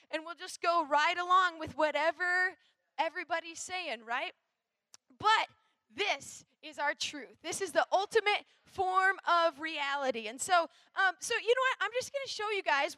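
A woman's voice: very high-pitched, normal speed, pushed and bright, no echo. A woman from Minnesota giving a chatty, rambling youth sermon, full of fillers and asides.

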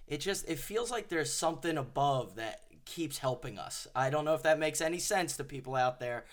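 A man's voice: fairly high pitch, expressive, normal speed. A man hosting a podcast who interviews his guest with enthusiastic, repetitive chatter. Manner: enthusiastic, repeats words, fillers. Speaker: podcast host. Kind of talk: casual interview.

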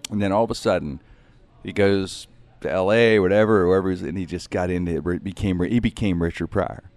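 A man's voice: deep voice, fairly quick, darkish tone, no room sound. A man, a comedian, talking in a casual interview, rambling and reflective, often saying "man.".

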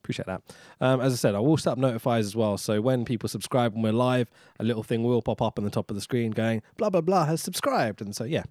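A man's voice: medium pitch, fairly even intonation, fast, hardly any pauses, a little mellow, no echo, clean studio sound. A man co-hosting a podcast, recapping with sarcasm, swearing and frequent laughter in casual chat. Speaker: podcast co-host.

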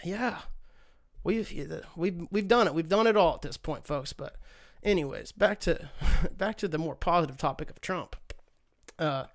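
A man's voice: on the high side, measured pace. A man hosting a podcast alone, rambling through a casual rant with lots of profanity and sarcasm. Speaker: podcast host.

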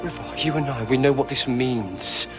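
An actor giving voice to a grave time-traveller who knows the end has come, speaking with steady, urgent solemnity at a middling pitch. A loud, dramatic music score swells behind him. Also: male voice, normal speed, lightly acted. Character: grave time-travelling man facing a terrible fate.

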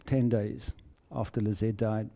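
A South African man shares a faith testimony in a deep, very mellow tone. He speaks earnestly and haltingly, often repeating words as he feels his way through the story. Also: fairly even intonation, vocal fry. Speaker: lay preacher giving testimony. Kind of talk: personal testimony in a sermon.

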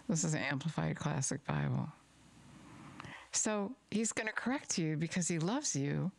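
A woman's voice: fairly low pitch, animated, moderate pace, vocal fry, no room sound. A middle-aged woman preaching an earnest sermon and reading scripture aloud, repeating words for emphasis.

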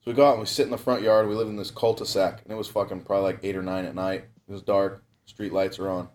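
A man's voice: sits low, level tone, quick pace, a little mellow. A young man telling a long story in a casual, rambling way, swearing constantly and breaking into laughs. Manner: profane, rambling, laughs often.

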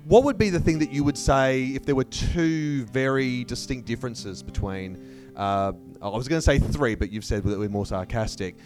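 A man hosting a casual interview, asking quick questions with a dry, self-deprecating humor, with faint guitar music behind. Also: medium pitch, a little mellow. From Australia. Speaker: interviewer, host.

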